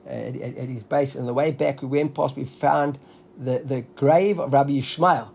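A man's voice: mid-range voice, moderate pace, creaky, husky. A man teaching a Talmud class, explaining step by step and checking in with "right?". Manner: animated, explaining with frequent "right?".

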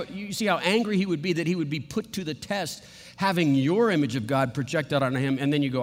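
Male pastor, somewhat high voice, earnest sermon in a reverberant church hall. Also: expressive, brisk. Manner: earnest, repeats himself when restarting.

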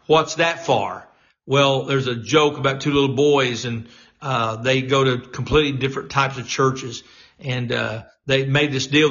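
A man's voice: mid-range voice, a bit bright, dull audio. A man of sixty, a talk radio host, delivering a rambling political commentary monologue full of fillers and restarts. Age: 60s.

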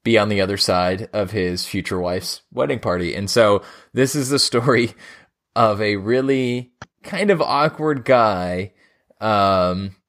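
A man's voice: on the low side, measured pace, fairly bright tone. A man co-hosting a casual film chat, laughing often and hesitating with ums. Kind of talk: casual chat about films.

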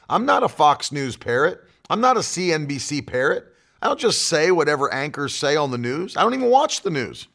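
A man's voice: high voice, gravelly, fairly bright tone. A male pastor preaching a fiery sermon to an online audience, hammering home his points by repeating them. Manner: emphatic, repeats key phrases.

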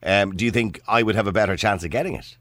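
A man hosting a radio phone-in, chatty and animated and quick to laugh. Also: fairly low pitch. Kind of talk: casual talk radio chat. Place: radio studio.

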